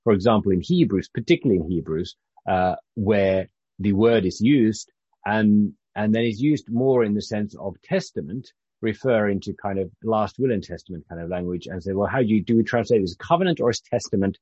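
A relaxed Bible study is led by a man from Britain, low and a little husky in tone. He teaches informally, loose and halting, often beginning sentences again; the audio is dry and mildly muffled.

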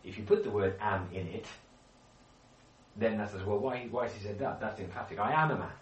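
A man teaches a Bible study group, often turning to them with questions and restarting his sentences. His voice sits very low. He is picked up from a distance in an echoey room, with a faint hum of ambience behind him. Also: normal speed, darkish tone. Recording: echoey room, speaker far from mic.

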